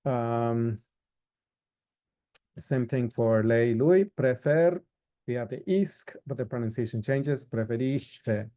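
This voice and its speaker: Male instructor, unhurried and halting, warm low-key tone, lists forms one at a time. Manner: slow, halting explanation with frequent fillers; spells out verb forms one by one. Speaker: Italian instructor. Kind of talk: recorded lecture.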